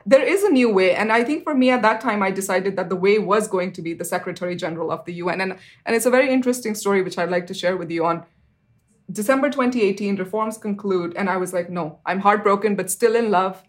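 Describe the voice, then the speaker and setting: This woman, in her thirties and a guest on an interview, talks fast while earnestly recounting something personal. When she imitates what others said her pitch shoots up abruptly, and "you know" and similar fillers run through her speech.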